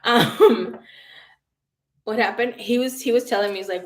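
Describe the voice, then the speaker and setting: A woman in her early thirties, a psychic tarot reader hosting a casual livestream, telling stories in an animated, profane way and laughing often. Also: medium pitch, moderate pace. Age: early 30s.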